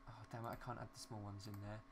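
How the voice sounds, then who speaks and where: A man's voice: lowish voice, flat delivery, racing, noisy background. Rambling young man narrating his gameplay. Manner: rambling, talks to himself, mild swearing. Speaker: gaming YouTuber. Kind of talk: casual gameplay commentary.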